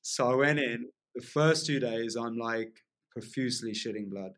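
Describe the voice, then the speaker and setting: A man telling a long personal story as a podcast guest, in a lively casual way, often asking "right?" along the way. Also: mid-range voice, normal speed. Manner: animated storyteller, frequent "like" and "right?" tags.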